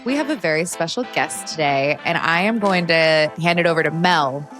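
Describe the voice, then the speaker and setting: A woman co-hosting a podcast, chatting casually in a giggly, excitable way. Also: deep voice, moderate pace, soft background music. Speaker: podcast co-host. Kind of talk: casual chat.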